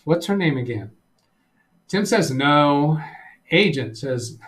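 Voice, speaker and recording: A man's voice: fairly high pitch, animated, takes it slowly, fairly bright tone. A man hosting a live tech-help stream, walking through the screen in a chatty, wry way and reading chat logs aloud with dry sarcasm. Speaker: tech support channel host.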